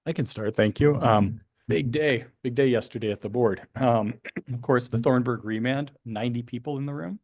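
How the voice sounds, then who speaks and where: A man's voice: mid-range voice, moderate pace, a little mellow, dry recording, studio quality. A man on planning staff explaining options at a public meeting, thinking aloud with frequent fillers. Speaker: county planning staff member.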